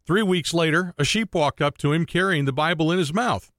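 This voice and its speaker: A man's voice: a little high, brisk, a bit bright, no echo, studio quality. A man hosting a Christian radio talk show, bantering and telling dad jokes. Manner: joking, playful banter. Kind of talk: casual chat with dad jokes.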